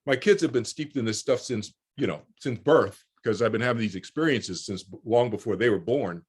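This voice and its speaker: A man in his sixties tells a personal story with animated energy, his voice at an ordinary middle pitch. He stumbles and repeats words as he goes and slips into the voices of the people he quotes. The sound is that of a video call. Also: fairly quick, breathy edge. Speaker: interview guest, author.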